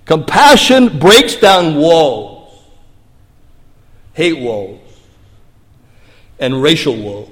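A fairly high-voiced man, apparently a pastor in a church hall, preaches a sermon whose words trail off into long, echoing reverb. He sinks into hushed, low passages before rising into emphatic, raised lines, with lively intonation, drawn-out words, and frequent pauses.

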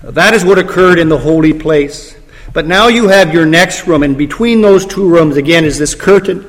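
A man delivers a dramatic sermon in a notably high voice. He slows and drops quiet on key phrases for weight. The sound rings out with a long hall reverb. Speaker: preacher.

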